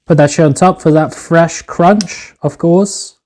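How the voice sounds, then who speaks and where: A man with a fairly high, darkish voice speaks at a measured pace while streaming his home-kitchen cooking from a phone. He chats casually, curses freely, and refers to his viewers as "boys."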